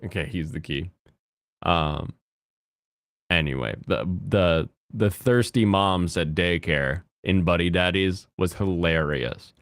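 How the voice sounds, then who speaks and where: A man's voice: low voice, takes it slowly, fairly bright tone, dry recording, clean studio sound. A man in his thirties chatting casually as a streamer, rambling and giggly. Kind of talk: casual chat.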